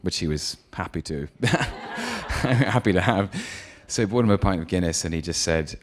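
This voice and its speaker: A man's voice: low voice, lively intonation, moderate pace, few pauses. A man, an actor being interviewed, telling stories and giving advice in a thoughtful, hesitant way with frequent ums and easy laughter. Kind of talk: relaxed anecdote and advice in an on-stage interview.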